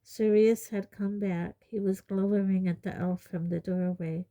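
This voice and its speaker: A woman narrating an audiobook in a steady, measured storytelling manner. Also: medium pitch. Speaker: audiobook reader.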